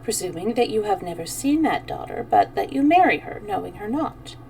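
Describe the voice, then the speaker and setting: A woman voicing a melancholy middle-aged Chinese gentleman who speaks slowly and measures his dry questions. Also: medium pitch, very animated, gravelly, recorded from a distance, slight background noise, poor audio. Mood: measured. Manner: slow and measured, dryly questioning.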